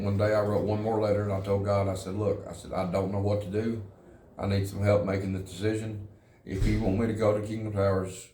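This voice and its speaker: Deep, flat-voiced man in an echoey room. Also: a little hiss or hum. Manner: halting and earnest, repeats words. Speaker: interviewee, former prisoner in a recovery program. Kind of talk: personal testimony.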